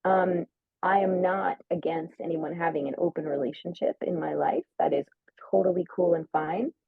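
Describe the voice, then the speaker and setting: A woman's voice: lowish voice, moderate pace, vocal fry, husky, dry recording. A woman telling a personal story in casual chat, full of "like" and acting out quoted lines. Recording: narrow phone-like sound, dry.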